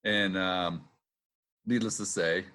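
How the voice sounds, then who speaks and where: A man's voice: deep voice, slow. Middle-aged man telling racing stories. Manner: lively anecdotes, acts out quotes, laughs often; filler-heavy with "uh" and "um". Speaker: retired boat racer, guest. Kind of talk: casual storytelling interview.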